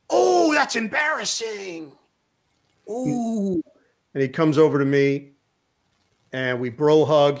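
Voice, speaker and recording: A middle-aged man and sports broadcaster, a guest telling a lively anecdote in an interview, acting out the lines of the people in his story. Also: a little high. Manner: lively anecdote teller who acts out quotes.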